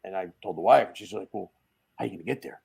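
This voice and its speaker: A man's voice: low-pitched, quick pace, creaky. A man guest casually telling a story on a podcast, acting out the voices of the people in it. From Connecticut. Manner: animated anecdote teller who acts out the people in his stories.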